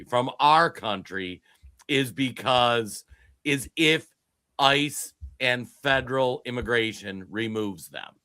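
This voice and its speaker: A man co-hosting a political podcast, his voice swinging widely and sounding bright and forceful. He talks in an emphatic, animated way and often restarts his sentences. The sound is close and dry. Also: medium pitch, no echo. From Minnesota. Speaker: podcast co-host. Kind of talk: political commentary chat. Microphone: streamed podcast mic.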